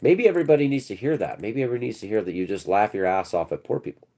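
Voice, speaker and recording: A man in the middle of a heated, sarcastic rant, his pitch leaping up and down as he jeers. He repeats taunts in a scornful, profane way as he hosts his own commentary channel. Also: expressive, rapid-fire, mellow. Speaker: channel host. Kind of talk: ranting commentary.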